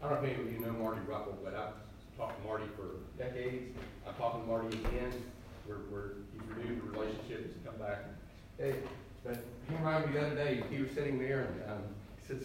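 A man's voice: medium pitch, fast, slight background noise. Echoey older male preacher. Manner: conversational, emphatic preaching with rising bursts. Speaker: pastor. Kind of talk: sermon. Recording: very echoey hall, heard from a distance.

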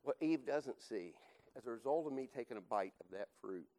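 Brief: male Bible teacher preaching to a class, emphatic, repeats himself, mid pitch. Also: lively intonation, brisk, a little mellow, rough recording. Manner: emphatic, repeats points, rhetorical "right?". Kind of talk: teaching sermon.

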